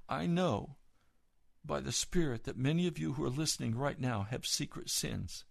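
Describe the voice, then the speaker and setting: A man's voice: medium pitch, animated, moderate pace, creaky. A man preaching a fervent sermon as a pastor, urgent and exhorting, rising to stern emphasis.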